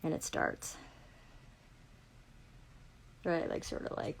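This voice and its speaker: A woman's voice: low voice, little pitch movement, takes it slowly, creaky, slight background noise, low-quality recording. A woman in a furious, heavily profane livestream rant. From Canada.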